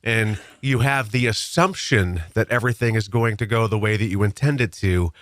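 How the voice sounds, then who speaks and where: A man's voice: lowish voice, normal speed, fairly bright tone, no room sound. Earnest man giving insurance advice on radio. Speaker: insurance agent guest. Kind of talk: casual radio chat.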